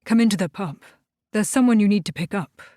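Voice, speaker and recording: A woman voicing the devil, a powerful man who speaks in a low, calm, controlled voice, in an audiobook. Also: a little fast, dry recording, clean studio sound, close to an everyday voice. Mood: calm commanding.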